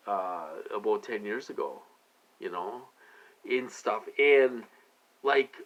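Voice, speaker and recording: Rambling man with a bright voice. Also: mid-range voice. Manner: loose, repetitive, heavy with fillers. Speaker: vlogger. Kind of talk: rambling personal monologue to viewers.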